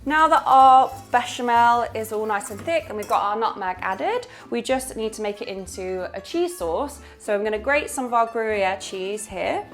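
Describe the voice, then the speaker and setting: A woman's voice: a little high, lively intonation, normal speed, hardly any pauses, soft background music. A young woman hosting a casual cooking tutorial from her small home kitchen, chatty and upbeat as she explains each step. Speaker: cooking channel host.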